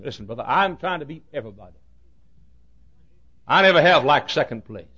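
A man, preaching and telling a story in a folksy, dramatic way that swings from hushed to shouting. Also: mid-range voice, brisk, dull audio. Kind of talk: storytelling sermon.

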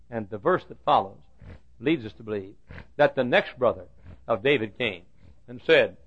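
A man preaching a sermon, telling a Bible story with dramatic swings from loud declarations to hushed asides. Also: mid-range voice, expressive, measured pace, long pauses, husky. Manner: acts out the Bible characters' lines.

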